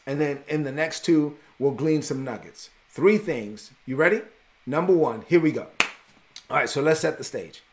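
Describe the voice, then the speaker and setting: A man preaching a conversational sermon in a folksy, animated way and speaking straight to his listeners. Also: a little high, moderate pace, a little hiss or hum.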